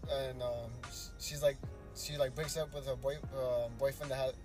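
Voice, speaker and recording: A man's voice: mid-range voice, little pitch movement, normal speed, music in the background. A young man co-hosting a casual podcast, slangy and hesitant as he retells a story. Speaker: podcast co-host. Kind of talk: casual chat.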